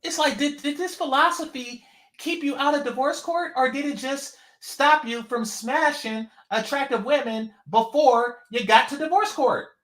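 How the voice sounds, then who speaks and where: A man with a high, bright and forceful voice reacts to a clip in sarcastic commentary. He sounds incredulous and emphatic as he breaks down each point. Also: moderate pace, reverberant. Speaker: commentary channel host.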